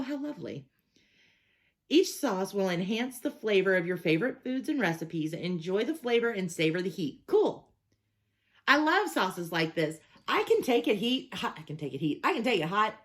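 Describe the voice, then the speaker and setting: A young adult woman with a mid-range voice hosts a casual hot sauce review. She's chatty and enthusiastic, reading the labels aloud.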